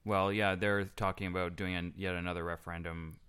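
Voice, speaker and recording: A man's voice: low voice, little pitch movement, fairly quick, fairly bright tone, smooth. A Canadian man co-hosting a casual podcast chat, chatty and wry. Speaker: podcast co-host.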